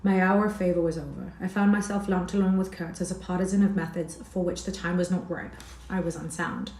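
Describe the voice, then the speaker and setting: Female audiobook narrator, low mellow tone, measured literary delivery, roomy echo. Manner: steady measured literary reading. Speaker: audiobook reader. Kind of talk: scripted narration.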